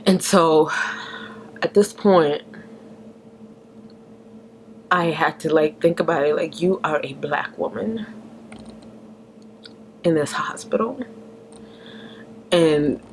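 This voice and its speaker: A woman's voice: low-pitched, slight background noise. Emotional woman telling a painful story. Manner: tense, halting retelling with many restarts and whispered quotes. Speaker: vlogger.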